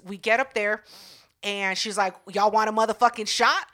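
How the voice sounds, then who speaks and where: A woman's voice: medium pitch, brisk, bright, forceful tone. A woman co-hosting a podcast, swearing freely and laughing often as she tells a story in casual chat. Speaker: podcast co-host.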